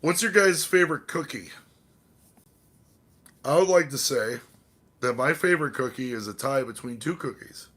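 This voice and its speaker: A man's voice: mid-range voice, expressive, normal speed, pauses often, fairly bright tone, slightly rough. A man hosting a casual live stream, rambling and swearing while chatting with viewers, a bit tipsy from drinking. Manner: rambling, profane, talks to chat and his cats. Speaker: livestream host.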